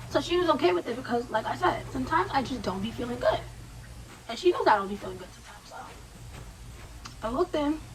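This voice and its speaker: A young woman vlogger telling a personal story in a casual, slangy, animated way, with quoted asides. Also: high-pitched, far from the mic, a little hiss or hum, low-quality recording.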